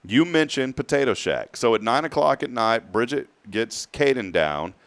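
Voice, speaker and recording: A man's voice: medium pitch, lively intonation, moderate pace. A man in his thirties with a Texan accent, hosting a morning show and telling a long rambling story with frequent chuckles. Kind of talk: casual chat.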